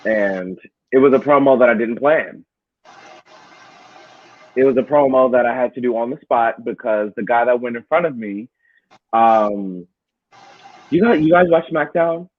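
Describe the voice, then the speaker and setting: A man, a wrestler, talking in a casual interview, telling animated stories and laughing along the way. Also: medium pitch, unhurried, long pauses, no room sound, narrow, tinny audio. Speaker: wrestler guest.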